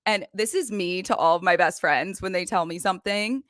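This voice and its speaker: A young woman hosting a casual recap show, retelling scenes in a gossipy, animated way. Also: on the low side, normal speed, no echo, clean studio sound. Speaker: recap podcast host. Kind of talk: casual chat. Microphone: desk microphone.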